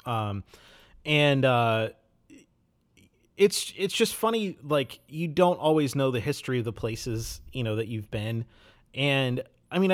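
Casting: a thoughtful man from Wisconsin, mid-pitched, easygoing podcast host musing aloud. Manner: thoughtful, reflective, many "you know"s. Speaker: podcast host discussing a book. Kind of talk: casual chat.

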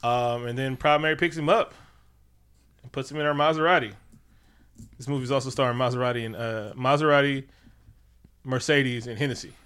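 A man co-hosting a casual chat, recapping a movie scene by scene in a profane, animated way and acting out the characters. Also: mid-range voice, brisk, pauses often, smooth. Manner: animated, profane, acts out characters while retelling. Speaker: podcast co-host.

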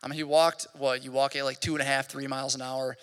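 A pastor in his thirties gives a casual, conversational sermon in a church hall, rambling and leaning heavily on "like." His mid-range voice has little pitch movement, a quick pace, and a smooth, slightly bright quality. A long hall reverb colors the recording.

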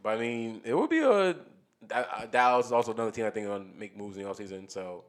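Animated and fast, a lowish-voiced man co-hosting a podcast chats loosely about sports. He thinks aloud as he talks, rambling and restarting often.

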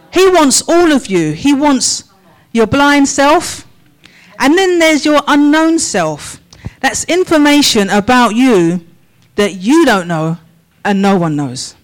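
A woman's voice: sits high, expressive, low-quality recording. A woman preaching a sermon in church, asking the congregation a run of questions. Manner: slow, measured questions to the congregation.

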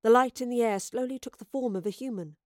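A woman's voice: fairly high pitch, fast, a little mellow, no echo. Woman narrating a story, dry close sound. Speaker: audiobook narrator. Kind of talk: scripted narration.

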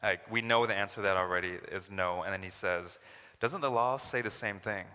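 A man's voice: fairly low pitch, a little fast, bright, forceful tone, clear, resonant tone, big-room sound. A man from Canada preaching a sermon as a pastor, earnest and building to emphatic paraphrases of scripture.

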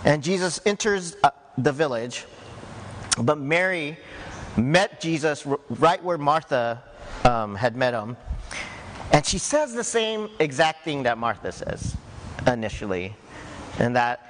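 Slow-talking pastor in an echoey hall. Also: male voice, fairly high pitch, expressive, fairly bright tone, slight background noise. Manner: conversational, earnest, with frequent "right?" asides. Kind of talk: sermon.

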